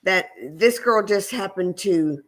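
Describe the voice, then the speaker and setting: A woman co-hosting a homestead livestream, chatting casually and easygoing with many pauses and fillers. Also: mid-range voice. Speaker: homestead channel co-host.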